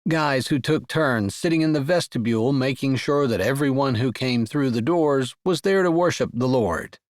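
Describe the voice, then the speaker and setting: A man narrating a romance audiobook in an expressive storytelling voice. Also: mid-range voice, normal speed, dry recording, studio quality.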